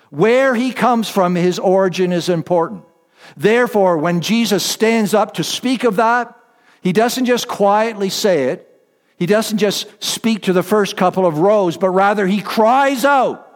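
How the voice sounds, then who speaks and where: A pastor delivers a sermon in a high, clear voice, speaking with deliberate emphasis and circling back to his main points. His words ring out with the long reverb of a church sanctuary. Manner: deliberate, emphatic, repeats key phrases.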